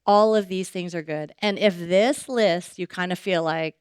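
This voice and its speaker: Middle-aged woman, church speaker; conversational, animated preaching; smooth, dry sound. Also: fairly low pitch, measured pace, hardly any pauses, dry recording. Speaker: guest speaker. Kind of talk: sermon.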